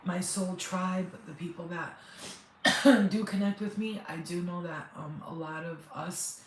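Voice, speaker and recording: A woman's voice: lowish voice, steady tone, a little slow. A middle-aged woman, a spiritual healer, talking to viewers on a live stream while crying, rambling and emotional. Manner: tearful, rambling, talks straight to viewers. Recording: echoey room, faint background noise.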